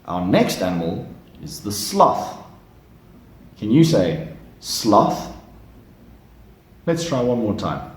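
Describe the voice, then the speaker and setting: A man teaching young children animal words from flashcards, with slow and encouraging repeat-after-me prompts. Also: lowish voice, sing-song. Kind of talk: slow flashcard lesson for kids. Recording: roomy echo.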